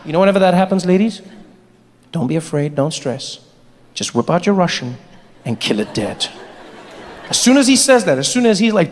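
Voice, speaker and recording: A man performing a stand-up comedy set, animated and playful, on a large theater stage. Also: sits high, fairly quick, pauses often. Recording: long hall reverb, faint noise.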